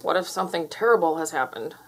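A woman's voice: low-pitched, animated, fast talker, fairly bright tone, slightly rough, exaggerated voice, low-quality recording. A woman voicing an anxious male toad in a children's storybook, asking worried questions.

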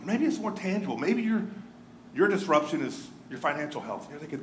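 A man preaching a sermon as pastor, earnest, dropping to a hush and then rising to emphasis. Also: fairly high pitch, very animated, brisk, a little hiss or hum. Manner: earnest, swings from hushed to emphatic. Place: church sanctuary. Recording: roomy church hall.

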